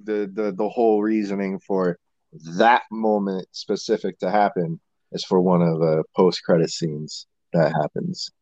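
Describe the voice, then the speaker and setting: A man with a very low, dark voice works through his analysis of a film scene, pausing and restarting as he thinks. The sound is a bit dull and dry. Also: steady tone, no echo. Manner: thoughtful, halting explanation. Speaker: podcast co-host. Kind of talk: casual movie discussion.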